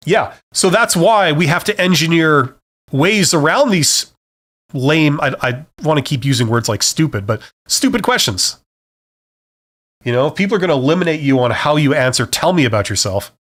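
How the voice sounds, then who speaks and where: A man's voice: fairly high pitch, very animated, normal speed, fairly bright tone. Blunt man ranting on a live stream. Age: middle-aged. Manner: frank, ranting, repeats "okay?" and "right?". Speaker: career advice live streamer. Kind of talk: casual live-stream advice talk.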